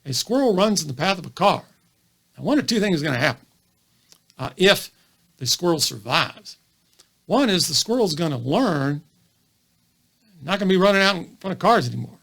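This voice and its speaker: A man, a physician, giving an animated educational video monologue full of rhetorical questions. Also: fairly high pitch, normal speed, creaky, long pauses. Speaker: physician lecturing on comedy.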